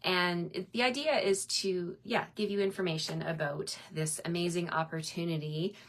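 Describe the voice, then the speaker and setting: Upbeat middle-aged woman, slightly low voice, hosting a casual live craft stream from home. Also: fairly even intonation, normal speed. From Newfoundland, Canada. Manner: chatty and upbeat, greeting viewers by name, frequent laughs.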